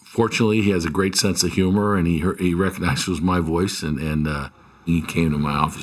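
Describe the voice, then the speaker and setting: A man's voice: low-pitched, expressive, fairly quick. An older man, a former head coach, telling stories from his coaching years in a reflective, conversational interview. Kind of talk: interview recollection.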